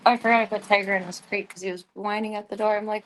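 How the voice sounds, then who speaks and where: A woman's voice: mid-range voice, steady tone, rapid-fire, few pauses, fairly bright tone. A woman streaming casual chat, narrating chores and talking baby-talk to her cats.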